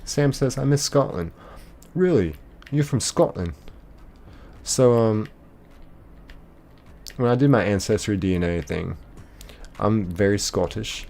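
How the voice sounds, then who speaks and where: Reading viewers' comments on his livestream, this American host rambles through casual answers full of filler words. He talks slowly in a low-leaning, darkish voice with vocal fry, pausing often.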